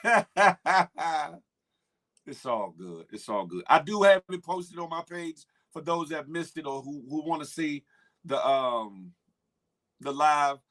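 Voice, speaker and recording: Taking his time, a man with a slightly high, expressive, fairly bright voice runs a casual morning live stream. He calls out viewers by name, talks in loose slang, and jokes around about online gossip.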